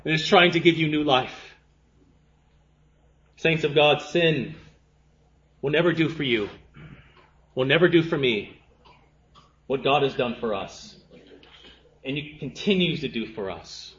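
A man preaching a sermon to a congregation, impassioned and repetitive, swinging from hushed passages to fervent rhetorical questions. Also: on the high side, expressive, a little slow, long pauses, reverberant, dull audio.

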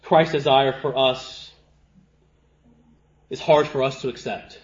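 A man preaching a sermon to a congregation, impassioned and repetitive, swinging from hushed passages to fervent rhetorical questions. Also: mid-range voice, fairly even intonation, takes it slowly, roomy sound, dull audio.

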